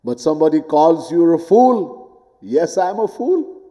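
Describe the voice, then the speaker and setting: A man giving a devotional lecture as a spiritual teacher in a temple hall. He speaks deliberately, swinging from high, emphatic lines to quiet ones and chanting Sanskrit verses. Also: sing-song. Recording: long hall reverb.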